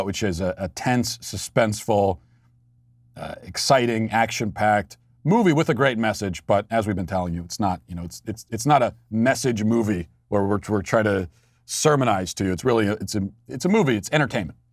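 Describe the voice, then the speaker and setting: A man's voice: fairly low pitch, no echo, clean studio sound. A man hosting a podcast, delivering a political commentary monologue with sarcastic, mocking asides and frequent restarts. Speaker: podcast host.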